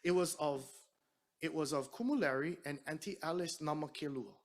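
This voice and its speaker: A middle-aged man from Hawaii with a Hawaiian Pidgin-tinged accent, an entertainer telling an animated story to an audience between songs. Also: on the high side, moderate pace. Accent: Hawaiian Pidgin-tinged English. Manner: chatty, animated storyteller who acts out quotes. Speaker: singer and entertainer.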